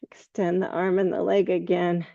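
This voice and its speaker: A woman teaching a yoga class, giving slow, calm cues with soft laughs between poses. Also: lowish voice, creaky, no echo, highs cut off. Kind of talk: guided yoga class instruction.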